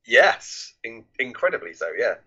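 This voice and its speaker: A man's voice: mid-range voice, big pitch swings, moderate pace, bright, forceful tone, slightly rough, muffled recording. A man co-hosting a casual film review podcast, rambling with many restarts and swearing freely. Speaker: podcast co-host.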